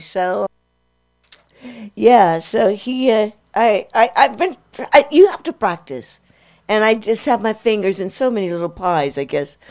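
An older woman hosts a music show and chats loosely between songs, with a slightly low voice. She gets excited, backs up and restarts her sentences, and drifts from one anecdote to the next. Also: measured pace. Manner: excitable and chatty, with many restarts and fillers. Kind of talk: rambling casual anecdote.

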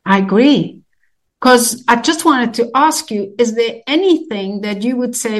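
A woman hosting an interview, supportive and quick with short affirmations, asking a guest a question. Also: fairly high pitch. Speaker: host.

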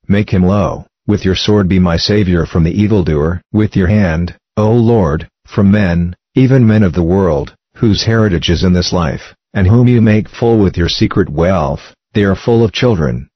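A man reading psalms aloud in a measured, steady recitation. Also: low-pitched, no echo. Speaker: scripture reader. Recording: dull lo-fi recording.

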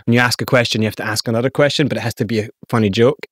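A man from Scotland with a Scottish accent, telling a lively story as an interview guest and acting out the quotes. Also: mid-range voice, racing, no room sound, studio quality. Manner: animated storyteller, acts out quotes.

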